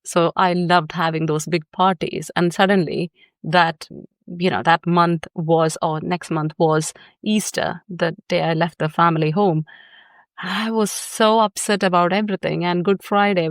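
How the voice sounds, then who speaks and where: A woman's voice: lowish voice, steady tone, moderate pace, no room sound, studio quality. A woman psychotherapist guesting on a podcast, telling personal stories candidly and laughing often. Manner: warm storytelling, often laughing.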